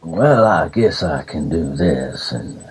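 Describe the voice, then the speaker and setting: A man putting on a deep-voiced American shaman. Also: expressive, takes it slowly, darkish tone, husky, heavily acted. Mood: amused. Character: ancient male shaman protector, calm and cocky.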